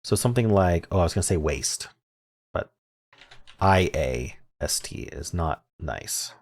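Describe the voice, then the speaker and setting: A man's voice: sits low, animated, unhurried. A man hosting a word puzzle video, thinking aloud in casual commentary with muttered half-sentences. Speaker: word game video host.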